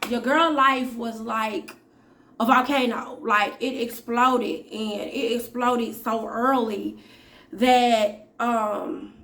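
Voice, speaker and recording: Slow-talking woman in her thirties, chatting. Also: on the high side, fairly even intonation, fairly bright tone. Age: 30s. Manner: chatty, addresses viewers directly, many pauses and fillers. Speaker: vlogger. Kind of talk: casual talk to camera.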